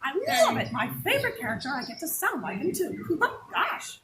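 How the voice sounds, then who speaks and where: A man voicing a cheerful cartoon mouse in a high, giggly falsetto. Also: wildly swooping pitch, normal speed, heavy background noise, heavily acted. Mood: gleeful.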